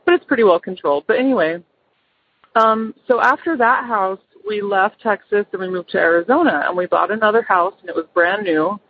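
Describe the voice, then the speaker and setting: A woman's voice: mid-range voice, brisk, breathy edge, no echo. A middle-aged mother calling in to tell a personal ghost story, hesitant, with many ums and restarts. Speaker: caller. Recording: phone line.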